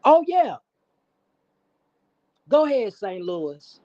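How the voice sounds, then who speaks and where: A woman's voice: a little high, sing-song, very slow, dark tone. A woman hosting a livestream, preaching at and scolding someone in a profane call-out rant. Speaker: stream host. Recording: dull lo-fi stream audio.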